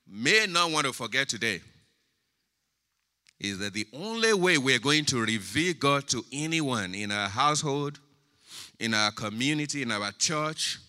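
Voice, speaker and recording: A male pastor preaching a sermon, swinging from quiet, drawn-out words to loud, emphatic lines. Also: mid-range voice. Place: church sanctuary. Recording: church hall with long reverb.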